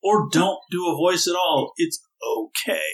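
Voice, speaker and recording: A man's voice: sits high, measured pace. A man in casual podcast chat about tabletop gaming, talking in an emphatic, exasperated, ranting way. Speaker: podcast co-host, tabletop gamer. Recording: roomy echo.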